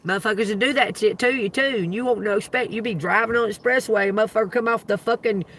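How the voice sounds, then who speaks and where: Man, high bright tense voice, profane and animated, with loud bursts. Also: quick pace. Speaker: tarot reader livestreamer. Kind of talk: casual livestream rant.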